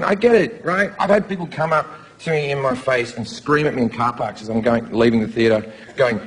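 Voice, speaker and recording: An Australian man with a voice on the high side performs brash, profane, mocking stand-up at a brisk pace. He's on stage in a theatre before a live audience, and the big-room recording of the show is full of loud crowd noise.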